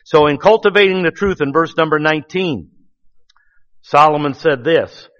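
Pastor preaching a sermon, man with a slightly high voice, folksy and emphatic, dull recording with long church reverb. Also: normal speed, a bit bright.

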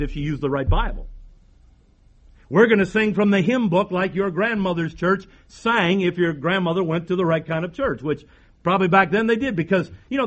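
High-voiced man preaching emphatically. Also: dull audio. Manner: emphatic preaching with repeated phrases and rhetorical questions. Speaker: pastor. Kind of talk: sermon.

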